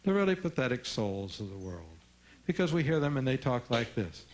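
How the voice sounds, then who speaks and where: A man speaking at a live parenting seminar, lively and teasing, coaxing answers from his audience. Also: mid-range voice, brisk.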